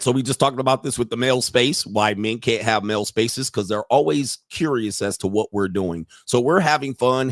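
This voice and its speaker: A man's voice: mid-range voice, fairly bright tone, dry recording. A young man running a brash, mocking reaction commentary, his slang loose and his voice in a middle register. The sound is dry and close, with no room in it. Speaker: commentary host.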